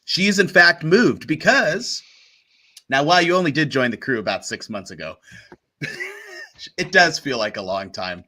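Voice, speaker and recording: A man's voice: fairly high pitch, animated, moderate pace, pauses often, sharp tone. A man narrating as game master of a tabletop game, chatty and laughing often as he talks.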